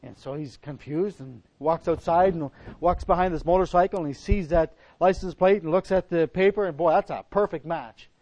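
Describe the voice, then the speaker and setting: High-voiced man preaching folksy sermon. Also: a little fast, hardly any pauses, a little mellow. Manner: folksy, rambling, frequent restarts. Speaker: pastor. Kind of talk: sermon with personal story. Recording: dull lo-fi recording.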